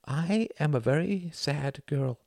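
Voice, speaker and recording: A man voicing a shy, earnest young woman in an audiobook, speaking softly and hesitantly. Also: on the high side, lively intonation, slow, creaky, no echo, studio quality, voice pushed up, exaggerated voice. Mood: soft, wistful. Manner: soft, hesitant delivery.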